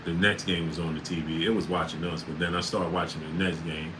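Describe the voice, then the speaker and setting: A man hosting a casual sports livestream, reading out chat names and breaking into loud disbelief. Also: low-pitched, little pitch movement, brisk, background noise.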